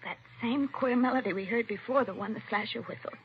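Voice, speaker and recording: A woman's voice: on the high side, a little fast, lightly acted. An actress playing a frightened young woman in a 1940s radio drama, breathless and fearful. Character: frightened young woman, detective's wife, shaken. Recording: dull lo-fi 1940s radio recording.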